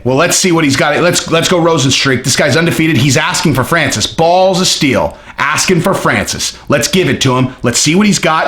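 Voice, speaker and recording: A man giving a casual, jokey opinion monologue on fighting, animated and quick to break into impressions. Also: on the high side, roomy sound. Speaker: MMA commentator.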